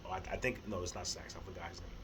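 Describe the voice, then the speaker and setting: A middle-aged man in a casual spiritual monologue to camera, rambling and repeating words, with heavy slang and swearing, earnest, with soft laughs between thoughts. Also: deep voice, little pitch movement, racing, heavy background noise. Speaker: spiritual vlogger.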